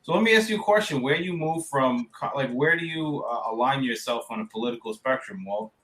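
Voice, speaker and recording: A man's voice: mid-range voice, expressive, brisk, a bit bright. A man co-hosting a casual podcast, easygoing and asking direct questions. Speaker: podcast co-host.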